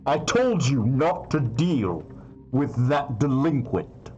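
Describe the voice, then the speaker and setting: A man voicing a massive warforged guild guard with a deep modulated voice, scolding and commanding. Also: big pitch swings, takes it slowly, darkish tone, muffled recording, faint music behind.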